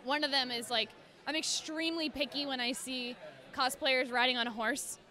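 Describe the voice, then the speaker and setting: Bright-voiced, high-pitched young woman. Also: normal speed, a faint crowd. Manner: animated storyteller, acts out quotes in voices. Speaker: podcast guest, cosplayer. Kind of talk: casual chat.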